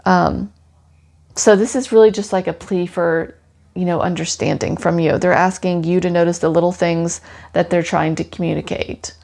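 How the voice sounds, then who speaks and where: A woman giving a casual tarot reading for a pet owner, talking softly and soothingly with lots of "you know" fillers. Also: lowish voice, normal speed, creaky.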